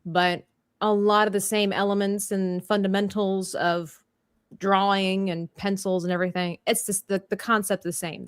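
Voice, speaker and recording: A woman hosts a casual coloring tutorial with a middle-pitched voice. She chats freely and breaks into laughter often. The sound is close and dry, with no room around it. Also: dry recording. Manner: chatty, playful, laughs often. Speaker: livestream host and art teacher.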